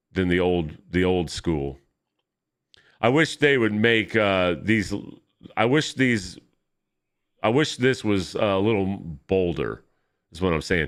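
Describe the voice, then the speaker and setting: Deep, slow-talking man rambling about comics. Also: a bit bright. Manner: rambling, nitpicky, self-correcting. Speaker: comic book vlogger. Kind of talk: casual commentary while flipping through comics.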